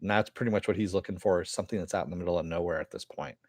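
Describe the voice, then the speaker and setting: Relaxed male reviewer with a lower voice, dry booth-like sound, rambling retell full of fillers. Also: racing, no room sound. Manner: rambling, filler-heavy retelling with casual swearing. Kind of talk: casual episode recap.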